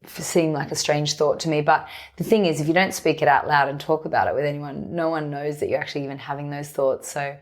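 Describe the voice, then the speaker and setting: A woman speaks as a podcast guest, her voice sitting low. She talks candidly and reflectively, letting her thoughts run on in long, unhurried stretches. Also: fairly even intonation. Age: 30s. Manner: open, reflective, speaks in long flowing runs. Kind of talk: candid conversational interview.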